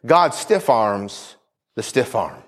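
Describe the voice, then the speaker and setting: A man preaching a sermon with emphasis, repeating phrases, dropping low and quiet for weight, and calling out for the congregation's amens. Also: expressive, slow pace. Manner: emphatic, repeats phrases, calls for "Amen?" responses.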